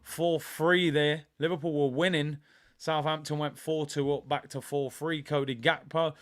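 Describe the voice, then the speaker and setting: A young man hosts a live football watch-along, talking casually to his viewers. His voice sits a little high for a man. He swings from relaxed chat into loud, excitable reactions. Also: unhurried.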